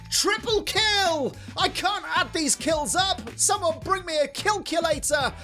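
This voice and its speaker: A man's voice: high-pitched, a bit bright. Man doing mock-hyped esports commentary. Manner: mock-hyped, absurd asides. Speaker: comic esports caster. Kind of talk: scripted comedy commentary.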